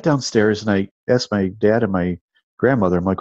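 A low-pitched man in his fifties spins a casual, rambling story, stumbling over restarts and leaning on filler words. The recording is dull and lo-fi, with a dry, close sound and no room around it. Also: a little fast, a little mellow, dry recording. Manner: rambling, restarts and repeats words, lots of "you know" and "like". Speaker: guest telling personal stories.

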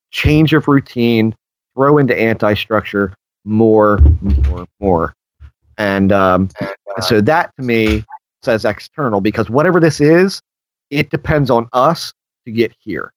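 A man in casual conversation wanders through his thoughts, stopping for fillers and sometimes slipping into quoted voices. His voice sits at an ordinary middle pitch. The recording is dry and close, with no room sound. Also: no room sound, rough recording. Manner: rambling, filler-heavy, acts out voices in quotes. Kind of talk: conversational discussion of strange experiences.

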